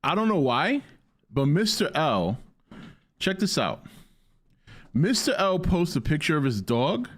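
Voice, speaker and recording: A man's voice: on the high side, very animated, measured pace, long pauses. A man chatting playfully on a live stream, joking around and talking to his dog. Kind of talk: casual live stream chat.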